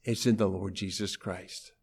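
A man's voice: deep voice, steady tone, normal speed, creaky, a little mellow, slightly rough. A man preaching a sermon, telling a story with dramatic emphasis and putting rhetorical questions to his congregation. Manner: dramatic storytelling, acting out characters' lines.

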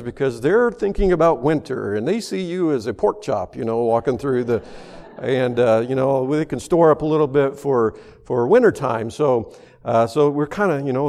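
Folksy pastor preaching in a reverberant hall. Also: male voice, medium pitch, a little mellow. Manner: folksy storytelling with many fillers. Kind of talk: sermon.

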